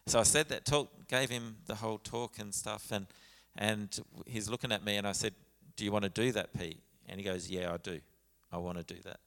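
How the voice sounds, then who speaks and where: In a church sanctuary, a pastor tells a story during his sermon, quoting dialogue and frequently restarting. His voice sits on the low side, steady, brisk, creaky and a bit bright, with few pauses, and the church hall adds long reverb.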